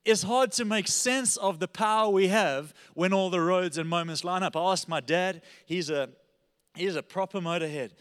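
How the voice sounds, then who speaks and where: A male pastor preaching a sermon, telling a story with animated energy and often checking in with "all right?". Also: high-pitched, moderate pace, smooth, long reverb tail.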